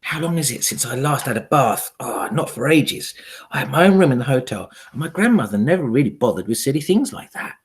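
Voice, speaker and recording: A man, a primary school teacher, reading a children's novel aloud with expressive, dramatic storytelling. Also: medium pitch, fairly quick.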